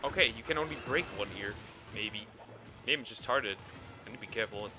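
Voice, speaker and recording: A young man streaming a game, chatting casually, cursing and yelling in bursts at the monster he fights. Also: mid-range voice, fairly quick, faint music behind. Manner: excitable, swears, yells at the game. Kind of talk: casual gaming commentary.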